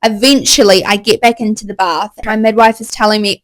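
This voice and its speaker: A young woman excitedly telling a candid story in a casual, chatty way. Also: mid-range voice, brisk, hardly any pauses, no room sound, low-quality recording. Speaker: vlogger.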